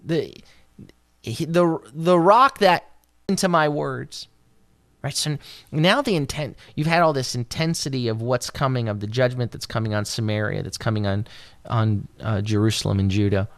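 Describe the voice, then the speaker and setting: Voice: normal speed, dry recording. A Bible teacher giving a devotional talk, who explains Hebrew words along the way and lifts the voice to act out scripture quotes. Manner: expressive, voices scripture quotes with raised pitch.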